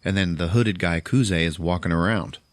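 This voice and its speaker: A man's voice: low-pitched, moderate pace, dry recording. A man hosting a podcast, casually recapping a movie in a loose, profane way. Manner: loose, profane, retelling with quoted voices. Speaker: podcast host.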